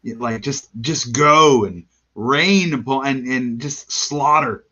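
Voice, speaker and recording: A man's voice: mid-range voice, slow, pushed and bright, lo-fi sound. A man in casual podcast chat who talks hesitantly, with many fillers and restarts.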